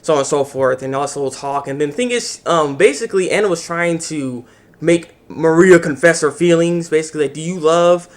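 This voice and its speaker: A young man giving a casual anime episode review, animated and acting out the characters' lines. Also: fairly high pitch. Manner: animated, acts out the characters' lines in quick voices.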